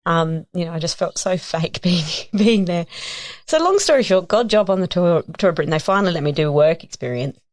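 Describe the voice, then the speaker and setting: An Australian woman in her thirties tells a story on a podcast. Her voice is low and she talks in an animated, casual way, slipping into other people's voices as she goes. The sound is dry and close to the mic. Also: fairly quick, no echo. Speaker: guest.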